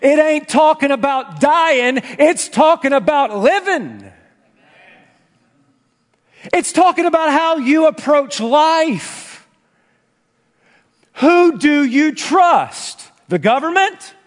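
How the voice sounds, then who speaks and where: A man preaching a sermon in a church, emphatic, swinging between loud and hushed delivery. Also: extremely high pitch, lively intonation, slow pace, pauses often. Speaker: pastor. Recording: long reverb from a large room.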